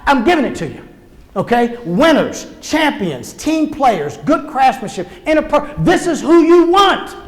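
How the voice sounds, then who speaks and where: A man giving a conference keynote, talking emphatically and directly to the crowd in a large hall. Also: sits high. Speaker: keynote speaker. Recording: echoey hall reverb.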